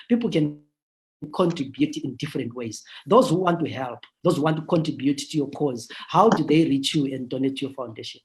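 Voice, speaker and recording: A man's voice: on the high side, brisk, a little mellow. A man hosting a radio interview, speaking earnestly and appealing to listeners for help. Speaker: radio show host.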